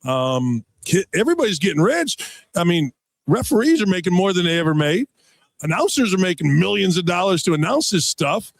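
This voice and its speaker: A man in his sixties, a radio guest and former player, telling rambling, excitable sports stories and stumbling over repeated words. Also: sits high, a little fast, creaky, no echo. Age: 60s. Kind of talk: animated sports radio storytelling. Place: radio row booth at a big game.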